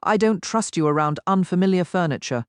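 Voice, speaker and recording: Brief: woman reading a low, playful young nobleman who teases. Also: fairly quick, smooth, no echo, studio quality, natural voice. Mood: teasing. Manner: teasing, mischievous. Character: teasing, charming young nobleman.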